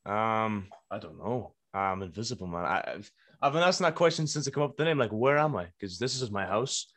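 A man's voice: on the low side, lively intonation, brisk, fairly bright tone. A young Irish man, a rapper guest, chatting casually in an interview, laid-back and playful, laughing easily. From Ireland.

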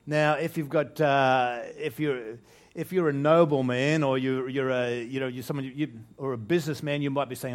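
A man's voice: mid-range voice, steady tone, moderate pace, hardly any pauses. An older man preaching a conversational sermon to his congregation, restarting phrases and asking rhetorical questions. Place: church, speaking to a congregation.

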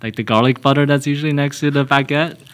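A young man as a podcast guest, talking casually in a halting, hesitant way with frequent restarts. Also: a little high, fairly even intonation, fairly bright tone.

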